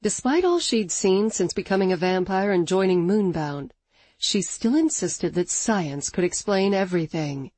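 Give me a woman narrating an audiobook with a dark, mellow tone, expressive and dramatic. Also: mid-range voice, moderate pace, no room sound. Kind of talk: scripted narration.

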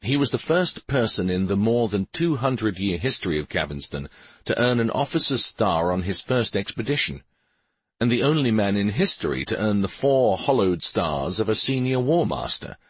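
Low, husky male audiobook narrator. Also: sing-song, moderate pace, no room sound. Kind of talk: scripted narration.

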